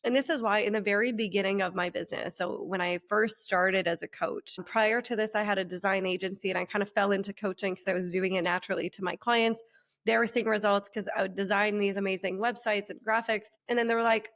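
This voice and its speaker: A woman business coach talking fast and excitedly, laughing and acting out quotes with big jumps in her voice. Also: medium pitch. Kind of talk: casual podcast chat.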